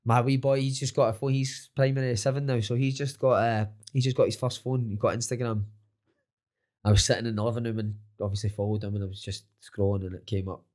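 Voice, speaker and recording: A man's voice: mid-range voice, little pitch movement, fast, a little mellow. A Scottish man, a football coach and podcaster, telling stories with frequent swearing and laughter in a casual interview.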